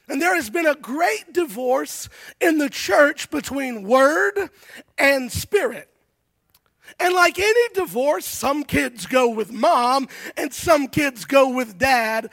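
A man delivers an excited sermon in a very high, bright voice with a gravelly edge. He stammers through restarts and breaks into shouts, recorded close and dry. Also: slow, no echo. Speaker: guest preacher. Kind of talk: energetic sermon.

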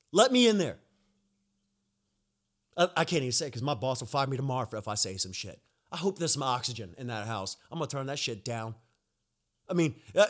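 A man's voice: on the high side, fairly bright tone. A young man hosting a podcast, delivering a heated, profane rant and repeating himself when angry. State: recovering from being sick. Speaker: podcast host. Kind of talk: angry ranting monologue.

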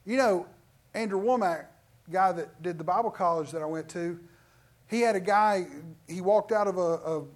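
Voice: medium pitch, moderate pace. A middle-aged preacher giving an emphatic sermon with lots of restarts. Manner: animated, emphatic, with many restarts.

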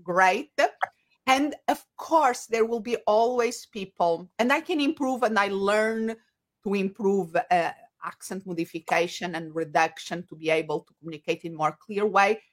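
A woman, an English speaker, talking as an interview guest and often pausing to search for words. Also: mid-range voice. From Portugal. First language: Portuguese. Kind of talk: conversational interview.

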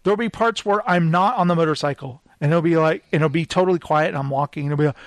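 A man's voice: sits high, quick pace, few pauses, no room sound. A man hosting a casual podcast chat, talking in an amused, rambling way with lots of "like". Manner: chatty and amused, full of filler "like". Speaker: podcast host.

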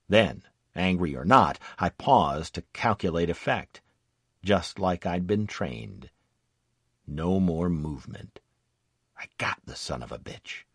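Brief: low-voiced male narrator, lively delivery, dry close sound, first-person war memoir. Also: slightly rough, no echo. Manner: vivid, dramatic storytelling.

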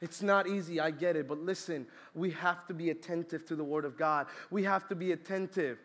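Young male preacher from Colombia, high bright tone, animated storyteller. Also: brisk. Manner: storytelling, lively, shouts and laughs in the story. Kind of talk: sermon.

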